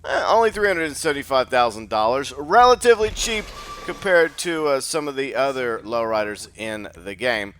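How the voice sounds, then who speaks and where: A man's voice: medium pitch, expressive, moderate pace, few pauses, a bit bright, slight background noise. A man hosting casual gameplay commentary, sleepy after just waking up, rambling and thinking aloud with lots of fillers. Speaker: gaming channel host.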